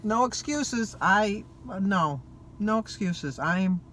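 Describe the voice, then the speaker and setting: A woman's voice: medium pitch, animated, slow. An older woman with a Michigan accent, talking casually and poking fun at herself while driving, her throat a little froggy. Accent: Michigan American. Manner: chatty, self-mocking, laughs at herself. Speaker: vlogger. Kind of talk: casual talk to camera. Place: in a car, driving. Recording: noisy car interior.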